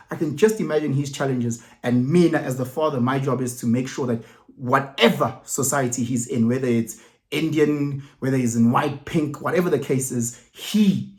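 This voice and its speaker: A man with a South African accent, talking casually to camera as a vlogger, animated, repeating words and restarting, with Zulu phrases mixed in. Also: mid-range voice. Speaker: vlogger commenting. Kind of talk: casual opinion monologue.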